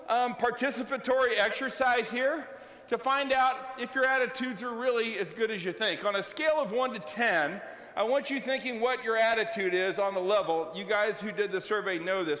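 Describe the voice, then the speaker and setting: A man giving an energetic motivational keynote, calling out questions to the audience and leading exercises. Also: very high-pitched, slight background noise. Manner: energetic, calls out to the audience, asks quick questions. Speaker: keynote speaker. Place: large event hall. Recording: roomy hall sound, faint ambience.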